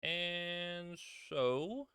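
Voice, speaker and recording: A young man giving a casual wrestling show review, chatty and quick to laugh, acting out what people said. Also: high voice, sharp tone, clear, resonant tone, dry recording, studio quality. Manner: chatty, laughs often, acts out quotes.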